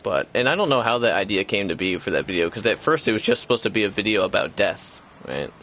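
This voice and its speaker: A young man hosts a gaming channel, chatting casually and rambling with lots of fillers and restarts. His lowish voice is expressive and fast. The lo-fi recording sounds dull and has a little hiss or hum.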